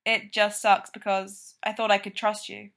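A woman reading as a deadpan young man. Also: medium pitch, moderate pace, creaky. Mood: wounded.

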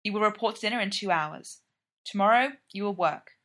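A stern woman who leads an isolated farming community, as a woman reads her lines. She speaks in curt, formal commands and does not soften them, in a storybook telling. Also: medium pitch, fairly quick, close to an everyday voice.

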